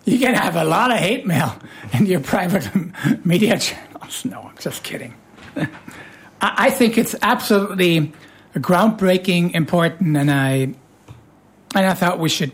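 A radio show host with a hoarse voice, chatting casually in a playful, teasing way. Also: medium pitch, expressive, measured pace.

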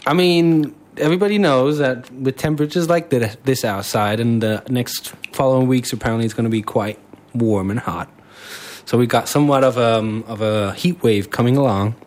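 A man's voice: mid-range voice, normal speed, a little mellow. A man co-hosting a radio show, chatting casually and hesitantly, with many fillers. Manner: hesitant, lots of fillers and restarts. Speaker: radio co-host.

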